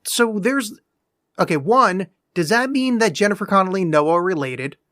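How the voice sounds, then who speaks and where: A man co-hosting a podcast, talking bluntly in casual chat and swearing freely. His voice sits a little high for a man, and it is recorded dry and close with no room sound. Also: animated, moderate pace, sharp tone, dry recording. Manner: blunt and profane, exasperated. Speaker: podcast co-host.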